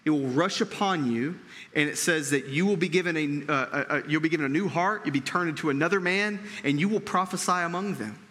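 Forceful male preacher in echoing hall. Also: a little high, fast talker, hardly any pauses. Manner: conversational preaching with frequent check-ins to the audience; repeats words and restarts while thinking. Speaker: pastor. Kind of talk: sermon.

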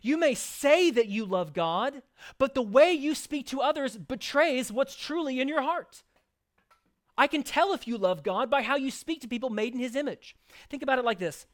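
A man's voice: extremely high pitch, animated, moderate pace. Earnest preaching man. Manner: earnest preaching with conversational asides and acted examples. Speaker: pastor. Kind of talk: sermon.

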